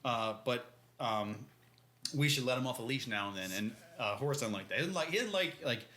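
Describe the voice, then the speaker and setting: A man's voice: mid-range voice, animated, brisk, pushed and bright. A man co-hosting a podcast, recapping a book chapter in a laid-back, slangy way and acting out the characters' lines. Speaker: podcast co-host. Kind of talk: casual book-discussion chat.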